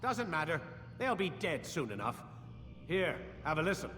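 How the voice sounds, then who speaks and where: An actor playing a cold, commanding middle-aged scientist who holds a prisoner, talking curtly and with contempt. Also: male voice, fairly high pitch, very animated, normal speed, sharp tone, big-room sound, a little hiss or hum. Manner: curt, commanding, sneering.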